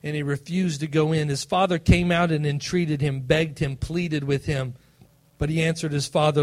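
A male pastor preaching a sermon, emphatic and swinging between loud passages and soft, low ones. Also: fairly even intonation, normal speed.

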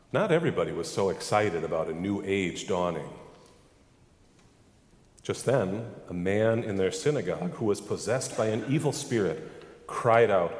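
A man's voice: deep voice, echoey room, in a large hall. A man preaching a sermon as pastor, emphatic and full of rhetorical questions.

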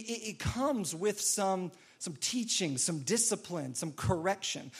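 High-voiced man preaching earnestly. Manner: earnest, repeats key phrases for emphasis. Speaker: pastor. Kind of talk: sermon.

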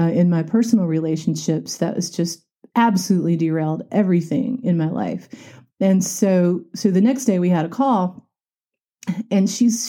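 A woman's voice: lowish voice, mellow. A middle-aged woman, a coach talking candidly and reflectively in a podcast monologue. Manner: reflective and openly confiding. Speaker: life coach and podcast host.

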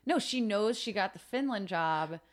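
Woman, mid-pitched voice, podcast co-host, casual chat, eager quick reactions. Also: animated.

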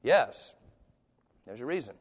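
A man's voice: mid-range voice, very animated, slow, husky. A man preaching a sermon in a casual, conversational way, acting out the voices of the people he quotes. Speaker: pastor. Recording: long hall reverb.

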